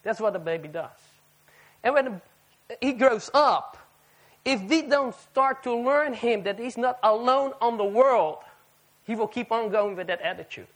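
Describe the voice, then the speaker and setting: Very high-voiced, animated male preacher. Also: a little slow. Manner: animated, asks the audience rhetorical questions. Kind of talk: sermon to a live audience.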